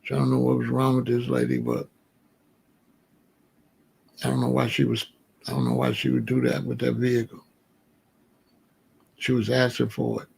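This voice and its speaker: A middle-aged man hosting a commentary show, telling a street story in a casual, animated way. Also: medium pitch, normal speed, creaky, pauses often, husky. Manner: animated storyteller, breaks into quoted dialogue.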